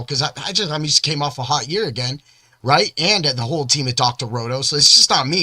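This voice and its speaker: A male podcast host talks in a loose, rambling monologue full of boastful energy. His voice sits a little high and has a bright, forceful edge. The sound is dry and close, with no room echo. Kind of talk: casual hype-filled monologue.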